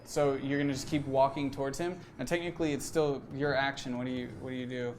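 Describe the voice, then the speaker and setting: A man's voice: mid-range voice, fairly even intonation, fast talker, slight background noise. Laughing male game master narrating. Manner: easygoing, laughs often, stumbles and restarts.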